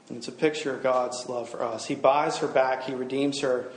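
A man's voice: medium pitch, fairly even intonation, moderate pace, echoey room, slight background noise. A middle-aged man giving a sermon to a gathered audience, talking casually, joking and asking the room questions. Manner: conversational, humorous, asks the room questions. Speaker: campus minister.

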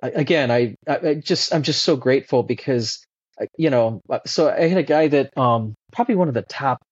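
A man talking as a podcast guest in a casual, animated way, with many fillers and restarts. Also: medium pitch, a little fast, husky, no echo. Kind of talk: casual conversational interview. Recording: dull lo-fi dry sound.

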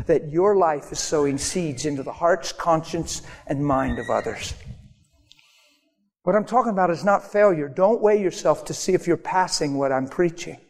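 Animated male preacher in a reverberant hall. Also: fairly high pitch. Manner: animated, acts out little scenes in different voices. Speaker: pastor. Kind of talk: sermon. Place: church hall.

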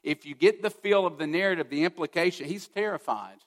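A man's voice: fairly high pitch, a little fast, big-room sound. A man preaching a sermon as a pastor, earnest and often putting direct questions to his listeners.

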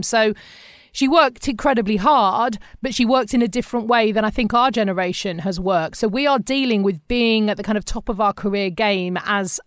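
A middle-aged woman hosting a podcast, telling candid stories in a lively, conversational way. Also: medium pitch, no room sound, studio quality. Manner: candid, animated storytelling with quoted voices. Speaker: podcast host.

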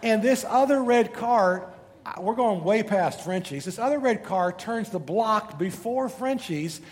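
A middle-aged man preaching a sermon as pastor, telling animated stories and asking rhetorical questions, often repeating words. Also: high voice, unhurried. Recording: reverberant hall with faint noise.

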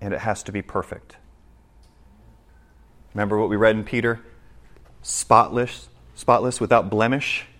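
A man preaching a sermon in church, dropping to quiet asides and rising to loud, slowed, climactic scripture reading. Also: medium pitch. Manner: preaching with big swings between soft asides and loud, slow, climactic reading. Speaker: pastor.

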